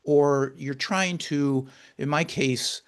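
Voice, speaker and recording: A man's voice: a little high, steady tone, takes it slowly, clean tone. A man being interviewed as a caregiver and author, earnestly recounting a personal story in a heartfelt, conversational way.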